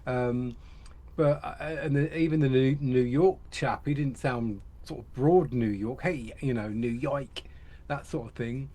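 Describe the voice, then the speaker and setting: A man's voice: medium pitch, a little slow, dark tone. A British man co-hosting a reaction video, chatting casually and hesitantly, often repeating words. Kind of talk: casual chat.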